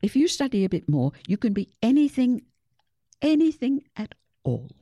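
A woman's voice: a little high, very animated, normal speed, warm tone, no echo, clean studio sound, pitched above the performer's own voice. A woman voicing a caring mother who speaks earnestly and persuasively.

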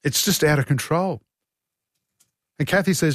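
Aussie radio host guy, blunt and fed up, a bit high, dry close studio mic. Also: moderate pace, pauses often, no echo. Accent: Australian. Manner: blunt, exasperated, opinionated. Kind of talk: talkback radio, reading texts and taking calls. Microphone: studio broadcast mic.

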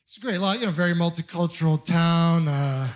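High-voiced exasperated stand-up comedian. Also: male voice. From Canada (Ontario). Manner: self-deprecating, exasperated storytelling with quick asides. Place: comedy club stage with audience laughter.

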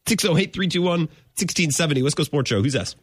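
A man's voice: a little high, expressive, quick pace, breathy edge, dry recording. A man hosting a sports talk radio show, ranting emphatically with mock exasperation. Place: radio studio.

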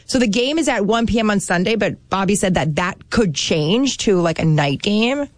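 A woman's voice: medium pitch, normal speed, no echo. A woman from New Jersey co-hosting a casual chat, telling stories with lots of fillers. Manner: chatty, lots of fillers, animated storytelling.

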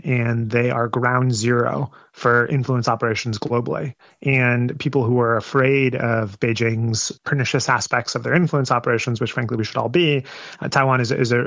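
A man answering radio interview questions as an analyst, measured and often repeating words as he thinks. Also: medium pitch, fairly bright tone, no room sound, muffled recording. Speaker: guest analyst.

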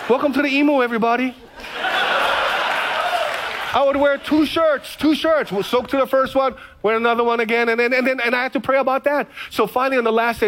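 A male pastor from Hawaii, telling stories in a lively sermon and repeating phrases. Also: very high voice. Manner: storytelling, animated, repeats phrases.

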